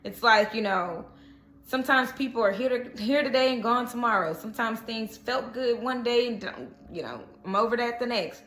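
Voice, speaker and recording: A woman talks through a casual tarot reading in a bright, slightly high voice. She speaks in a chatty, reassuring way and keeps checking in with the listener. The room around her is echoey. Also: moderate pace, slight background noise. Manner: chatty, reassuring, frequent "okay?" check-ins. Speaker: tarot reader. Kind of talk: casual spiritual reading to camera.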